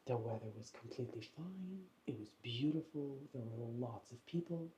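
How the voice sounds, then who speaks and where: A woman's voice: a bass voice, lively intonation, normal speed, warm tone, slight background noise. A woman vlogger chatting casually at home, rambling through a story with lots of fillers. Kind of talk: casual vlog chat.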